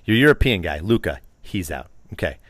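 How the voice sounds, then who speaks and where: A man's voice: low voice, very animated, fairly quick, a bit bright, no echo, studio quality. A man co-hosting a casual podcast, talking sports in a rambling, opinionated, teasing way. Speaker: podcast co-host.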